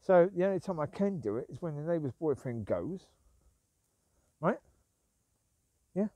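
A man's voice: a little high, very animated, a little slow, dark tone, no echo, highs cut off. A man rambling as he walks his dogs outdoors at night, grumbling and repeating himself. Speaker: vlogger walking his dogs. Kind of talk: rambling walk-and-talk.

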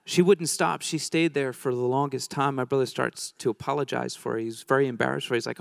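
Brief: middle-aged male preacher, gravelly edge, dry close sound, chatty anecdotal sermon. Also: medium pitch, steady tone, fast, hardly any pauses, no room sound. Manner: conversational, joking, many restarts and fillers. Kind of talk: sermon storytelling.

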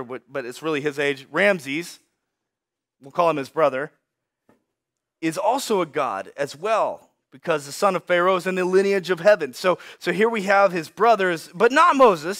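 A man with a high voice preaches to a congregation, retelling an old story in loose, modern slang. He slips into little voices for the people in it. The sound is dry and close. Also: dry recording. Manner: lively storytelling, acting out characters in casual slang. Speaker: pastor. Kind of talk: sermon.

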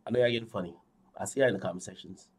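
A young man streaming, telling a dream to his viewers in a casual, animated way, swinging from loud to hushed, repeating phrases and swearing a lot. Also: lowish voice, rapid-fire, breathy edge. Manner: frequent fillers and profanity. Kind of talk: casual storytelling to a live audience.

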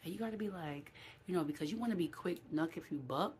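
A middle-aged woman from New City, talking casually to camera in a vlog. She is animated and acts out quoted voices, with many fillers. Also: lowish voice, quick pace, a little hiss or hum. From New York City. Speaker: vlogger.

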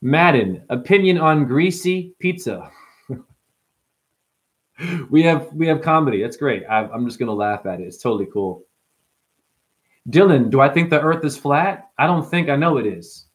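A man's voice: mid-range voice, lively intonation, normal speed, pauses often. A man hosting a livestream, casually reading out chat comments and joking with viewers by name. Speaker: livestream host.

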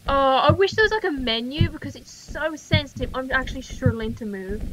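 A young woman giving profane, jokey commentary while playing a horror game, reacting loudly. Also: high voice, expressive, fairly quick, hardly any pauses. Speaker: gaming channel host. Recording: humming noisy home recording.

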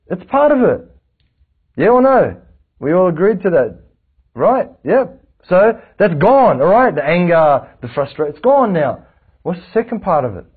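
A man in his late forties leads a class, coaxing his students with question after question. His voice is husky. The recording is thin and phone-like. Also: sits high, big pitch swings, moderate pace. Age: 40s. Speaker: religious teacher. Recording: tinny lo-fi lecture recording.

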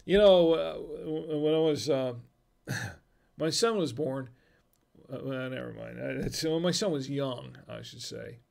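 A man's voice: a little high, gravelly, darkish tone. A man hosting a casual livestream, reading viewer jokes, chuckling at them and trailing off mid-sentence.

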